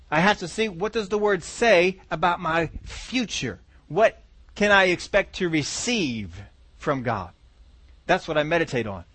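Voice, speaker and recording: A man's voice: sits high, fairly bright tone, no echo. A man preaching a sermon, emphatic and repetitive, acting out doubters' words and quoting scripture. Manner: emphatic, repeats phrases, acts out quoted doubters.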